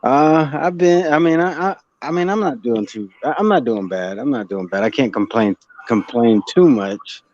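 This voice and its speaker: A man calling in to a casual chat, talking with halting, stammering restarts. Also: mid-range voice, expressive, a little mellow. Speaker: guest caller. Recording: dull lo-fi call audio.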